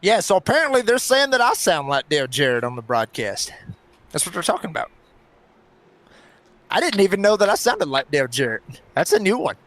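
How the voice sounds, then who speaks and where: A man's voice: high voice, very animated, a bit bright, no room sound. A man doing play-by-play commentary for a sim race, folksy and chatty with lots of fillers. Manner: folksy, chatty, quick bursts with many fillers.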